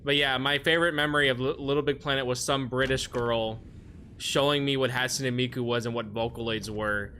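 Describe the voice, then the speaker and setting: A man streaming a video game, chatting casually with his viewers and now and then yelling at the game. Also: medium pitch, steady tone, a little fast, slight background noise. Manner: yells at the game in frustration, then chats with viewers. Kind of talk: casual gaming stream chat.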